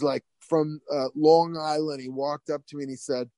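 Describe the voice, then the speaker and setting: A middle-aged man, a hairstylist, telling stories in an interview with lots of restarts and animated asides. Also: on the high side, moderate pace, hardly any pauses, no room sound. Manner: rambling, animated, many restarts. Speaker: guest, hairstylist. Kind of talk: casual interview storytelling.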